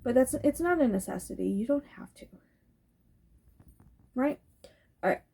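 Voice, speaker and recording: A woman's voice: a little high, animated, normal speed, gravelly, dark tone, breathy edge. A woman talking candidly in a casual tag video at home, swearing freely and getting heated at times. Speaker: goth YouTuber. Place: home bedroom with a cat nearby.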